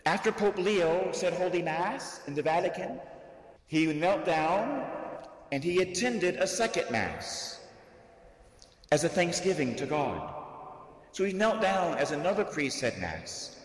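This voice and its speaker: A man, a Catholic priest, preaching a sermon to a live audience, telling the story slowly and deliberately and raising his voice for emphasis. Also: high voice, sing-song. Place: large church hall, live audience. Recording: echoey hall, long reverb.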